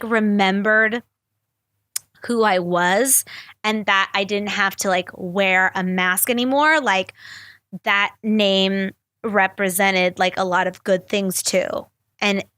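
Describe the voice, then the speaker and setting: A young woman talks through her feelings on a podcast, rambling, confessional and quick to swear. Her voice is bright and forward, recorded dry and close with no room around it. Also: medium pitch, dry recording. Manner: rambling, profane, emotional and confessional. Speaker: podcast host. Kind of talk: candid solo podcast talk.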